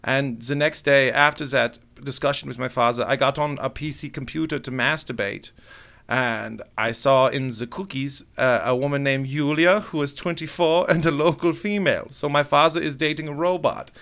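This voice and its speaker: A man's voice: mid-range voice, fairly even intonation, normal speed, a bit bright. A man, a comedian guest, telling stories in casual podcast chat, laughing often and mimicking other people's voices.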